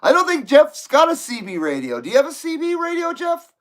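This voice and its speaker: A man's voice: very high-pitched, wildly swooping pitch, brisk. A man from California hosting a live stream, reading viewer comments in a casual, joking, profane and rambling way. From Ventura County, California. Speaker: livestream host.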